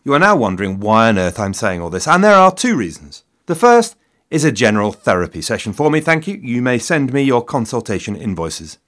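English man in his fifties, solo history podcast host, wry, self-mocking, swooping animated delivery. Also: mid-range voice, a little fast. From England. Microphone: studio mic in a shed.

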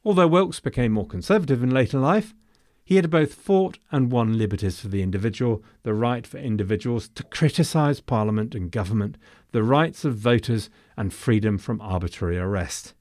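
A man's voice: mid-range voice, lively intonation, a little fast, a little mellow, no room sound, studio quality. A man narrating a history episode from a script, dropping in wry, jokey asides.

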